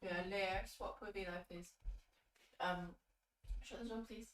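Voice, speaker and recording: Woman, off-mic partner, relaxed light teasing, echoey room, distant, faint hum behind. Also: mid-range voice, a little slow. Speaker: host's partner chatting off-camera. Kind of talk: casual chat.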